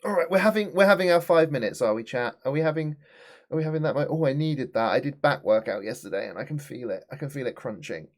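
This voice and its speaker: A man's voice: mid-range voice, quick pace. Casting: man, game streamer, chatty and swearing, voice that leaps up and down. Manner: animated, chatty, swears, talks to chat. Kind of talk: live-stream gameplay commentary.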